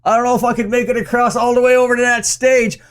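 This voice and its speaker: A man's voice: extremely high pitch, flat delivery, fast talker, voice pushed up. A man voicing a whiny injured male rocker in a mock Irish accent, groaning and mocking.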